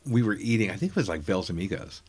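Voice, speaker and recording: A man's voice: lowish voice, lively intonation, fast, a little mellow, breathy edge. A middle-aged man telling rambling, self-deprecating family anecdotes in a casual chat, acting out the people he quotes. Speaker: comedian guest.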